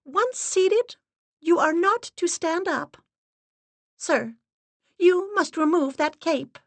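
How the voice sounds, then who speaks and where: A woman voicing a solemn, stern medium's assistant who intones rules in a formal, steady monotone. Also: very high voice, slow pace, dry recording, voice pushed up, heavily acted. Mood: stern commanding.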